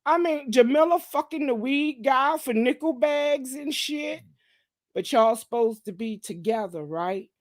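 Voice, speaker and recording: High-voiced woman ranting with profanity. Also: expressive, unhurried, no room sound. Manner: profane, mocking, confrontational, repeats "okay?". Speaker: gossip commentary host. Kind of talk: ranting commentary monologue.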